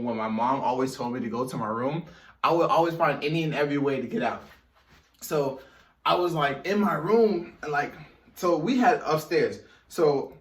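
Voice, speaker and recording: A young man tells a childhood story, animated and chatty, talking right to his viewers. His voice sits a little high for a man. He is set back from the mic in a bare, echoey room. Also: far from the mic. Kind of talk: casual story time.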